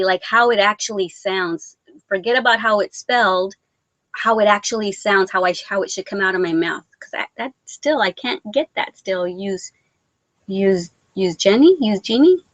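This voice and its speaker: A woman's voice: mid-range voice, a bit bright, no room sound. A woman hosting a casual live-stream chat, reading viewer comments aloud, chatty and rambling, laughing often. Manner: rambling with many restarts and fillers.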